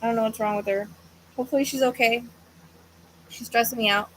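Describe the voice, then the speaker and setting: Woman, livestream host, tired and yawning, rambling, hesitant with fillers, slightly high voice, faint background noise. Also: fairly even intonation, fairly quick, fairly bright tone, low-quality recording. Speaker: psychic medium livestream host. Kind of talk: casual livestream chat. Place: at home with a fan running.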